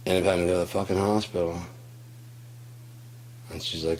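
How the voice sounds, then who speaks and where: A man's voice: sits low, flat delivery, brisk, slight background noise. A man in a casual monologue, telling stories in a rambling, profane way and acting out quotes. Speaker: host.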